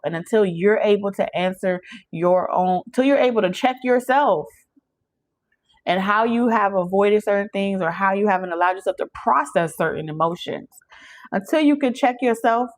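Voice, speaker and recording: A young woman speaks in a fairly low voice, doing a chatty, emphatic channeled tarot reading. She talks straight to her listeners, often pausing to ask "okay?" between points. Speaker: tarot reader. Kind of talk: channeled tarot reading, casual talk to camera.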